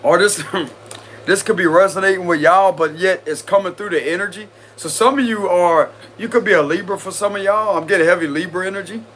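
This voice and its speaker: A man's voice: sits high, a bit bright, a little hiss or hum. Giggly man doing a tarot live stream. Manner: giggly, keeps breaking into laughter; chatty slang-heavy address to viewers. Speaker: tarot reader.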